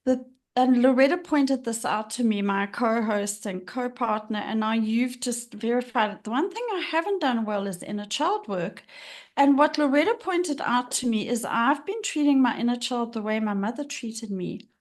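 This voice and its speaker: A woman's voice: fairly high pitch, animated, moderate pace. A middle-aged woman talking frankly and emotionally about her own struggles as a guest on a podcast, often laughing as she speaks. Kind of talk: candid personal conversation.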